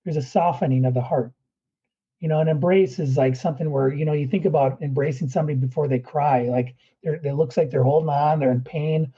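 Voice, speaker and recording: A man's voice: fairly high pitch, fairly even intonation, fairly quick, dark tone, breathy edge, dull audio. A man who is a guest performance coach, talking earnestly through breathing steps in a podcast interview.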